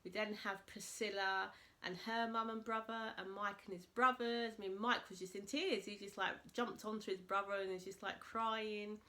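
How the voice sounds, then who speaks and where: Bright chatty woman recapping. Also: normal speed, hardly any pauses. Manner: animated retelling, voices quotes in a high excited pitch. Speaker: vlogger recapping a reality show. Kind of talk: casual chatty recap to camera. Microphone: camera mic, speaking to camera.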